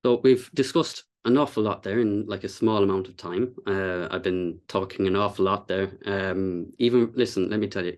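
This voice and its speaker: Man, low voice, casual meetup speaker, explanatory, loose with fillers. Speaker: content designer giving a talk. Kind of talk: presentation to a meetup audience.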